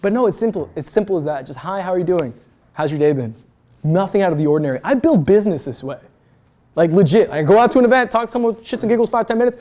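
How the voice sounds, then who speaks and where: A brash twenty-something guest speaker pumps up students in a university event room with a lively motivational talk. He talks fast, his pitch bouncing everywhere, and peppers his energetic coaching with casual swearing.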